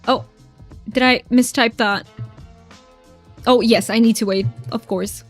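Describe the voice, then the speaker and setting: Young woman streamer, bright higher voice, casual and giggly with chat, soft game music underneath. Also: a little slow, long pauses. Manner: chatty, giggly, reads chat aloud.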